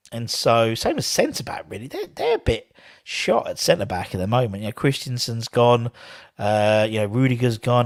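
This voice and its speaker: A man's voice: medium pitch, no room sound, studio quality. A man hosting a fan live stream, rambling casually and reading viewer comments aloud. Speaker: fan channel host.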